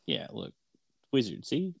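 A man co-hosting a radio show, trading deadpan jokes in casual banter. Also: medium pitch, measured pace, gravelly, slightly rough, dry recording. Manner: dry, deadpan humor. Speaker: radio co-host.

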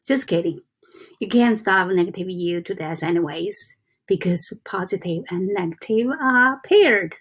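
A woman talking softly and unhurriedly to her viewers in a casual motivational chat. Her voice is airy and a little husky, with frequent restarts. She lingers over each phrase as she reads passages aloud. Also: lowish voice. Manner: soft, halting, with frequent restarts and slow deliberate reading. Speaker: self-help vlogger.

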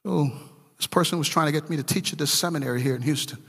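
A man's voice: fairly high pitch, quick pace, a bit bright, long reverb tail. A man preaching a sermon as a pastor, with emphatic delivery and a storytelling manner. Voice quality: gravelly, husky.

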